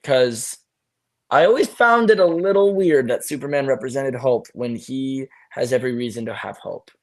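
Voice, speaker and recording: A young man, an actor as guest, talking in an animated, storytelling way on a video call. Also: medium pitch, normal speed. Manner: animated storytelling, acts out friends' voices. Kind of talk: casual video-call interview.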